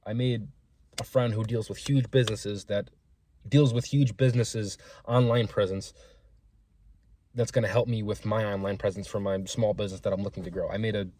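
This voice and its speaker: With a warm, fairly low voice and fairly even intonation, a young man chats at normal speed about his gym, which he owns as a small business. His vlog stories are profane, candid, and rambling, with quotes acted out, and there's slight background noise.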